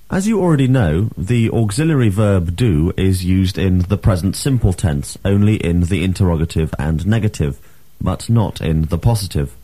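A man teaching a language lesson, reading drills and asking questions with clear, emphatic delivery. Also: low voice, lively intonation, measured pace, dark tone, dry recording.

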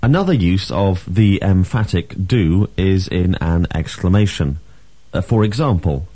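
Deep, lively-voiced male language teacher. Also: no room sound. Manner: slow, clear, emphatic teaching delivery. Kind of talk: scripted language lesson drill.

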